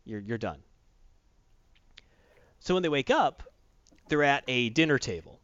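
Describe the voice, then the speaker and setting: A man chats through a comic book recap in a loose, rambling way. He keeps jumping into little acted-out lines as he goes. His mid-pitched voice comes through a dull, lo-fi recording with a dry sound. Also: a little slow, no echo. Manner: rambling, animated storyteller who acts out quotes. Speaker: comic book podcast host. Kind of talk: casual comic recap chat.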